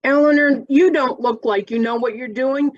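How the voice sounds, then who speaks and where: A woman's voice: high voice, moderate pace. Woman reading a curt, bossy supervisor on a muffled call line. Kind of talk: reading a role-play script aloud. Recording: lo-fi video call audio.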